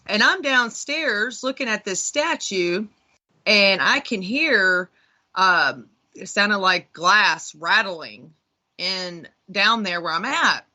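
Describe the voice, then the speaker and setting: Bright-voiced woman telling a ghost story. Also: mid-range voice, takes it slowly. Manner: rambling, animated retelling with lots of fillers. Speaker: paranormal investigator guest. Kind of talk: casual storytelling on talk radio.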